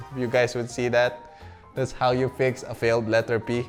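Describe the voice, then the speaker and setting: A man's voice: medium pitch, level tone, brisk, soft background music. A young man from the Philippines, casually talking through his old school work, chatty and self-mocking with frequent laughs. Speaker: vlogger.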